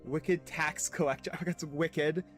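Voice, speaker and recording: A man's voice: fairly high pitch, fairly even intonation, measured pace, over music. A young man streaming a game, chatting casually, swearing and laughing, and reading dialogue aloud.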